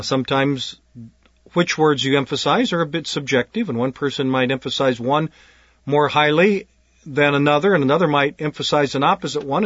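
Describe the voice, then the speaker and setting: A pastor speaking to would-be preachers in an earnest, deliberate way, often repeating words as he gathers his thoughts. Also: on the high side, a bit bright, no room sound. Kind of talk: instructional talk on preaching. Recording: dull lo-fi dry recording.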